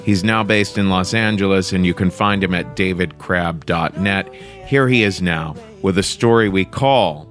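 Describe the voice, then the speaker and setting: A man's voice: sits low, a little slow, fairly bright tone, soft background music. A man hosting a podcast, reading a scripted, enthusiastic introduction of the next storyteller. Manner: enthusiastic, promotional. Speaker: podcast host.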